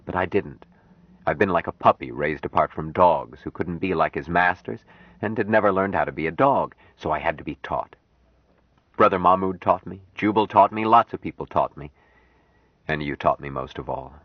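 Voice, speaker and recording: A man reading an audiobook, voicing a calm grown man raised apart from people, speaking slowly and earnestly. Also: low-pitched, no room sound. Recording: dry, dull lo-fi audiobook recording.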